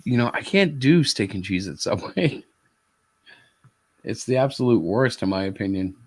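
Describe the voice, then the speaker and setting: A man's voice: on the low side, expressive, normal speed, husky. A man hosting a live stream, chatting casually over a video call and chuckling often. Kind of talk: casual chat.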